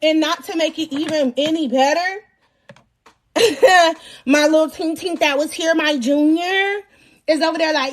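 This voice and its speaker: A young woman hosting a live stream, telling a personal story in a loud, animated way, cursing freely and laughing often. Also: high voice, unhurried. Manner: animated, profane and laughing as she tells the story.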